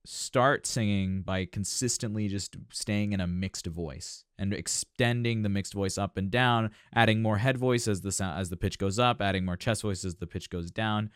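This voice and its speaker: A man's voice: on the low side, smooth, dry recording, clean studio sound. A man working as a vocal coach, reacting to a song and explaining singing technique in an analytical, thinking-aloud way. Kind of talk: music reaction commentary.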